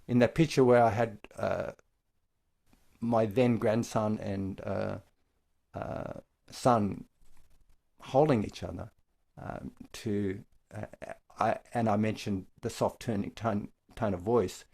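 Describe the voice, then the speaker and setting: An older man giving a dharma talk as a meditation teacher, explaining things in a gentle, unhurried way. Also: fairly low pitch, fairly even intonation, vocal fry. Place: online talk from home.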